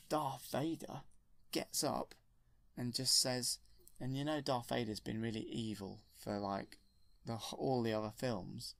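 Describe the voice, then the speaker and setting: A man's voice: mid-range voice, vocal fry, a bit bright. Rambling man retelling a story. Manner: rambling and enthusiastic, with self-corrections. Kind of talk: retelling a film from memory.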